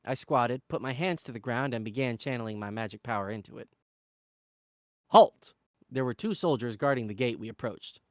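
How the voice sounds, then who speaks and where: A man reading a fantasy novel aloud in an expressive, animated way. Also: mid-range voice, fast talker, few pauses, dry recording, studio quality. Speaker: reader.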